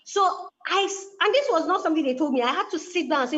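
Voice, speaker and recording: Woman, high voice, animated storytelling, quoted dialogue, dull lo-fi recording. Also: quick pace. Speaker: guest speaker. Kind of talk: conversational explanation. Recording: dull lo-fi sound.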